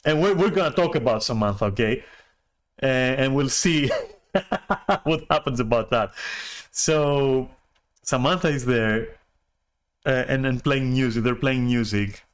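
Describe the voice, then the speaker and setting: A man streamer telling a story in a casual rant, animated, swearing and restarting often. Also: mid-range voice, measured pace, long pauses, smooth.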